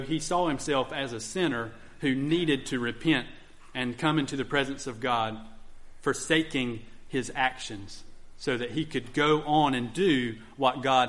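A man's voice: mid-range voice, a bit bright. A male pastor preaching a sermon on repentance, often acting out pleading first-person prayers to God.

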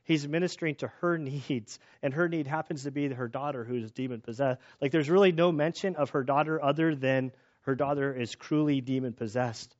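A male pastor delivers his sermon in an easygoing, lively way, often breaking off and restarting his sentences. He jokes about himself, and his voice sits at an ordinary middle pitch. The recording sounds slightly dull and lo-fi. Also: brisk, hardly any pauses. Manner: casual, animated, self-deprecating jokes, many restarts.

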